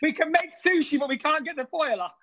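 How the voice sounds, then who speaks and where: A woman's voice: sits high, quick pace, heavy background noise. A woman co-hosting a live cooking show over a video call, chatty and playfully teasing her partner. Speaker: co-host.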